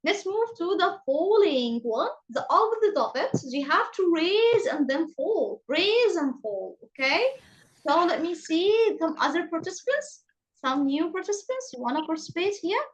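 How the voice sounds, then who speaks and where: A woman's voice: very high voice, animated, moderate pace, highs cut off. A woman teaching an online English class over a video call, acting out rising and falling intonation in her example sentences.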